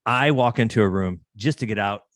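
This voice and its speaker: A man hosts a casual podcast, talking with chatty, animated energy as he tells stories. His voice sits low, and the recording is dry and close. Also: a little fast, no echo. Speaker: podcast host.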